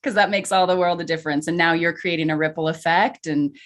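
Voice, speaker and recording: Casting: female co-guest coach, lower voice, supportive and affirming interjections in a relaxed interview. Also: fast. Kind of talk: casual interview chat.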